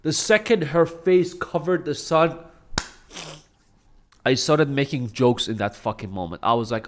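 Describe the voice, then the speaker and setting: A man's voice: mid-range voice, unhurried, pauses often, slight background noise. A young man casually telling a storytime vlog, joking and swearing as he talks. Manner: laid-back, swears, jokes and self-deprecates. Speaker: vlogger.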